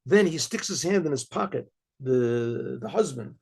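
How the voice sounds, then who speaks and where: A man's voice: medium pitch, lively intonation, moderate pace, vocal fry, a little mellow, slightly rough. A man, a rabbi, telling a story in a loose spoken way, often stumbling and repeating words as he searches for them. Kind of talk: casual oral storytelling.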